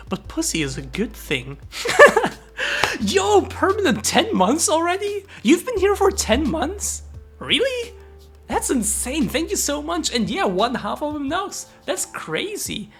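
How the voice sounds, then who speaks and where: A woman's voice: sits high, very animated, unhurried, soft background music. A young woman streaming live, chatting casually with viewers, thanking them and swearing freely.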